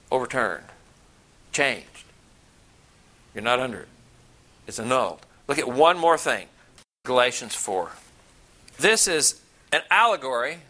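Lively bright-voiced male preacher. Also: medium pitch. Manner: reads scripture slowly, asks the audience rhetorical questions. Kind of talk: Bible-teaching sermon.

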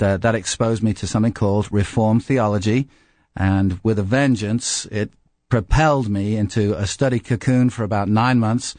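A man's voice: fairly low pitch, darkish tone, no echo. A middle-aged man from England with an English accent touched by an American twang, preaching a sermon in a conversational, self-deprecating way. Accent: English with a slight American twang. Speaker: pastor.

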